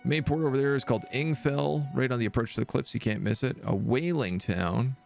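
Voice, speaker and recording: A man voicing a talkative male town mayor in a video game, speaking in a brisk, chatty, faintly disdainful way. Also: mid-range voice, creaky, a little mellow, soft background music, voice pushed up, lightly acted. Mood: informative.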